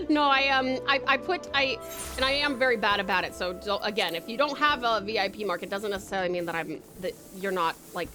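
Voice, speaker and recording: A woman's voice: medium pitch, a little fast, over music. A woman with an Australian accent, chatting casually with viewers while she plays a game on a live stream, rambling, swearing and laughing often. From Tasmania, Australia.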